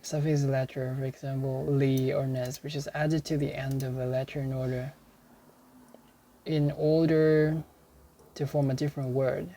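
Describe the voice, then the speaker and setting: Slow-paced man, self-study dictionary read-through, halting delivery that repeats each example. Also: mid-range voice, level tone, warm tone, slight background noise. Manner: halting, repeats sample sentences, restarts and self-corrects. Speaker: English learner studying a dictionary. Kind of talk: reading dictionary entries aloud and explaining them.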